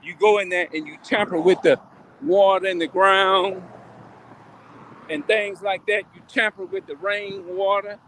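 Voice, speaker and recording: A man with a high, bright voice holds forth on a live stream. He rambles, repeats himself and keeps turning questions back on his listeners, with faint street noise in the background. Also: steady tone, a little slow. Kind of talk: casual live-stream talk. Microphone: phone or webcam on a live stream.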